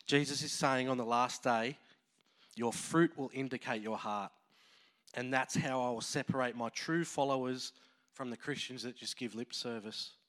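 A man preaching a sermon as a pastor, emotional and animated, acting out voices as he tells a parable. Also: medium pitch, moderate pace.

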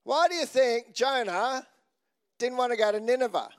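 Guy with a high voice giving a sermon, jokey, keeps asking the crowd stuff. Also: animated, moderate pace, clean tone. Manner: chatty, joking, asks the congregation questions. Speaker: pastor.

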